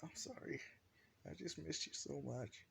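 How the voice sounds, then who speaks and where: A man voicing a worried middle-aged mother, lifting his pitch into a higher voice. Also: measured pace, gravelly, a bit bright, a little hiss or hum, exaggerated voice. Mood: tender.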